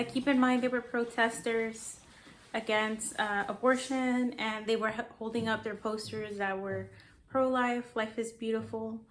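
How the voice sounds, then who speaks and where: A young woman artist chatting casually to camera in a rambling way, telling a personal story and drifting off topic. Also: on the high side. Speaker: artist vlogger.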